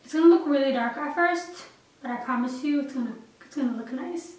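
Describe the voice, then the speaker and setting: A young makeup vlogger with a high, slightly mellow voice narrates a tutorial a little quickly, in a chatty, upbeat, gushing way. She records in a small apartment, and the sound is echoey and distant with faint hiss.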